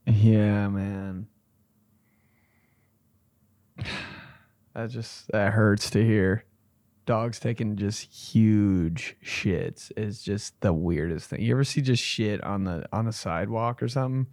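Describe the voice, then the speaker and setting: A comedian host riffing in a loose, profane, rambling way, with sudden loud bursts. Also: male voice, lowish voice, slow pace, no echo. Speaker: comedian host reacting to listener stories.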